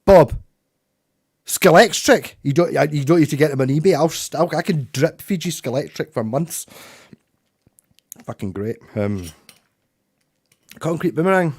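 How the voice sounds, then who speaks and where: A man's voice: a little high, normal speed, long pauses, dark tone, slightly rough. A man with a Scottish accent chatting casually with viewers on his livestream, rambling, swearing and chuckling. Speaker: livestreaming musician.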